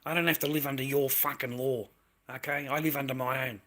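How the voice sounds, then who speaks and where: This Australian streamer's voice is mid-range, brisk and a bit bright, with fairly even intonation. Live on stream, he rants angrily and profanely, repeats himself and retorts to viewers' comments.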